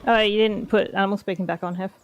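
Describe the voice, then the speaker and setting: A woman's voice: mid-range voice, steady tone, fast talker, highs cut off. A woman streaming a game with friends, chatting casually and teasing them with playful complaints. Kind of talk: casual chat while gaming.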